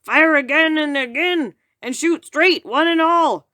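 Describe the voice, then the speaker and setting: A woman voicing a bloodthirsty male hunter who shouts orders to his men. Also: high voice, unhurried, no room sound, voice pushed up. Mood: commanding. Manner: shouting commands.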